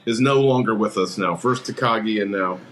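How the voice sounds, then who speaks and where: A man co-hosting a podcast, chatting casually and retelling film scenes with quick acted quotes. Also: lowish voice, noisy background. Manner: animated retelling, acting out movie quotes. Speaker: podcast co-host. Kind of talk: casual movie chat.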